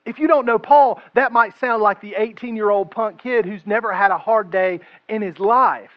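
A male pastor preaching a conversational, humorous sermon and slowing down to stress his key phrases. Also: high-pitched, no echo, dull audio.

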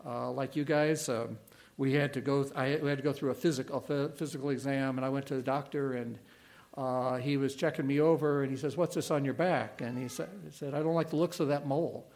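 A middle-aged man preaching a sermon as a pastor, earnest and emphatic, pausing and repeating key words. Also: medium pitch, fairly even intonation, darkish tone.

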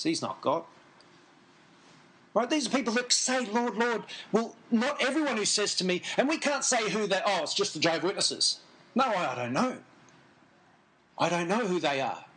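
A male preacher with a high, bright voice delivers a sermon. He talks earnestly and emphatically, repeats his key points and breaks off into casual asides to the people listening. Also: low-quality recording. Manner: conversational asides to the congregation.

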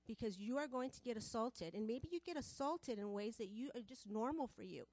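A woman's voice: on the high side, lively intonation, a little fast, a little mellow, dry recording. A woman preaching a sermon to a women's group, passionate and repetitive, building in volume as she presses her points.

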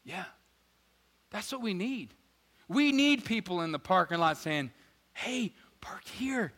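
A man preaching a sermon as pastor, energetic and joking, swinging between loud emphasis and quiet asides. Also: high-pitched, unhurried. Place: church sanctuary. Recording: church hall reverb with faint guitar.

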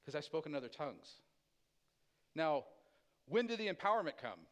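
Male pastor, middle-aged, slightly high-pitched, loose conversational sermon delivery with acted-out dialogue. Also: normal speed. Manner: casual, animated storyteller acting out quoted voices. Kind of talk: sermon testimony storytelling.

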